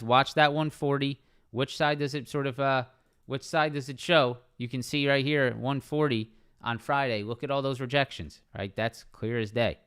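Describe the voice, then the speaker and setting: A young man talks through stock charts on a live trading stream. His voice is smooth and clear, and his pitch sits mid-range. He speaks casually, keeps repeating key levels and keeps checking in with "right?". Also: a bit bright. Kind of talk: live market analysis stream. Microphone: streaming microphone.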